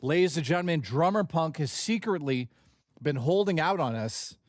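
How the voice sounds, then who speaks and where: A man hosting a casual gaming stream, joking with chat in an animated, profane way. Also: fairly high pitch, normal speed, dry recording, studio quality.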